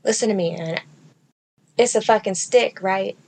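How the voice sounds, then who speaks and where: A woman podcast host telling a comedic story in casual chat, profane and sassy, with animated delivery. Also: medium pitch, normal speed. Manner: profane, animated, sassy delivery with mocking baby-talk impressions.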